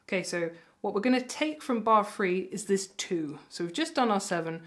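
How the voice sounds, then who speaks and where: A woman with an animated, mid-range voice teaches ukulele at a moderate pace, staying friendly and encouraging. She counts beats aloud as she plays, with the ukulele sounding loudly in the background.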